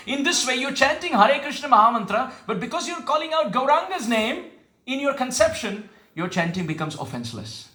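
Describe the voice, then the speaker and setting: High-voiced man preaching in an echoey hall. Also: very animated, pushed and bright. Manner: questions the audience, chants verses slowly. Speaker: spiritual teacher. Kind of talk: devotional sermon with call and response.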